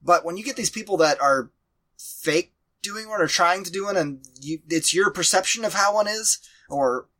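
A man co-hosting a casual movie review podcast, animated and exasperated, quoting his own reactions. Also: sits high, normal speed. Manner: animated, exasperated, quotes himself in mock voices. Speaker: podcast co-host.

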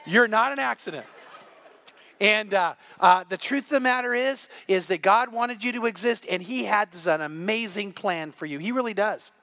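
High-voiced middle-aged male pastor. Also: moderate pace, pushed and bright, no echo. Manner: storytelling, acts out quoted voices. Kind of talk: sermon.

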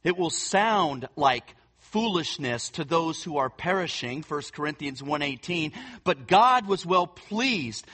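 An earnest man preaching with emphasis, his voice sitting a little high for a man. He repeats words and phrases to drive points home, speaking plainly and directly. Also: lively intonation, slow, hardly any pauses, a bit bright, slightly rough. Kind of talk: sermon teaching.

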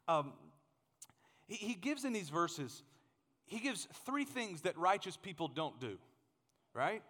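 A man in his thirties delivers a sermon with a fairly high voice, lively and playful, stumbling over repeated words as he builds up. The sound carries a long reverb, as if recorded in a large church hall. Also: normal speed, long pauses. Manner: animated, joking, repeats words when he starts a thought. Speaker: pastor.

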